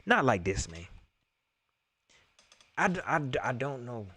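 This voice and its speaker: A man hosting a casual sports talk stream, animated and joking, repeating his lines for effect. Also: medium pitch, measured pace, slightly rough.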